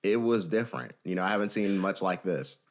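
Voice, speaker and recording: A man's voice: deep voice, a little fast. A man chatting casually on a podcast, hesitant and trailing off with fillers. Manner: hesitant, trailing off with "like" and "you know". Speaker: podcast co-host. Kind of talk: casual chat.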